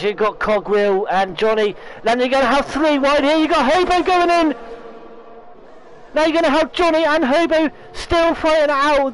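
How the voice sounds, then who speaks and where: A man commentating a sim racing league, excitable, correcting himself often, and losing his voice. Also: very high-pitched, low-quality recording. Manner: excitable, talks fast with restarts and self-corrections. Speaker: race commentator.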